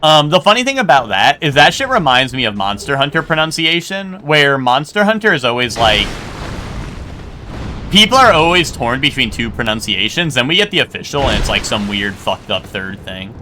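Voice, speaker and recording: Animated man chatting with his stream. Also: mid-range voice, normal speed, background noise. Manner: rambling, self-correcting, argues playfully with chat. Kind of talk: casual live-stream chat while gaming.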